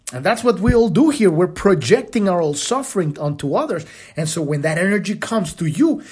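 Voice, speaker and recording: Animated, husky-voiced man teaching spirituality. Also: fairly high pitch. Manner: impassioned, casual, with blunt profanity. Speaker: podcast host.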